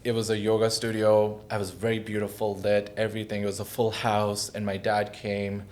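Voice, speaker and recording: A man's voice: fairly low pitch, monotone, brisk, darkish tone. A man in his thirties, a podcast guest, telling a personal story in an earnest, emotional, reflective way. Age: 30s.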